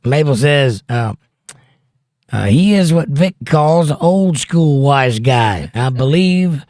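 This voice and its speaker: A man's voice: on the high side, animated, slow, a little mellow, dry recording, clean studio sound. A man hosting a casual livestream, reading viewer comments aloud and chatting about them. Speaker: livestream host reading chat.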